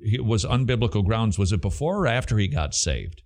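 A man's voice: fairly low pitch, very animated, fairly quick, a little mellow. A middle-aged man with a Southern American accent, hosting a Christian question-and-answer radio show with an emphatic, preacherly delivery.

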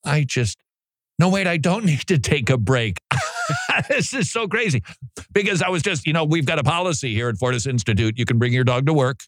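A male radio host riffing in a studio, his pitch leaping around as he jokes and laughs between points. The sound is close and dry, with no room around the voice. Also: brisk, no room sound. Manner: animated, joking, laughs often. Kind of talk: casual talk-radio monologue. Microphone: studio mic.

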